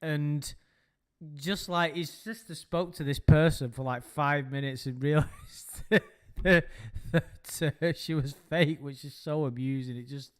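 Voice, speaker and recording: A man's voice: a little high, steady tone, a little slow, clean tone. A man co-hosting a casual podcast chat, rambling and amused, swearing now and then. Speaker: podcast co-host.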